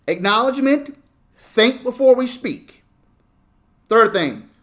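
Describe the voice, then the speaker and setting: A man's voice: high-pitched, a bit bright. A male pastor preaching in a conversational way, often checking in with the congregation and acting out parents and children. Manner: conversational, repeats "okay?" to the congregation; acts out parents and kids in quoted voices. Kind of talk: sermon.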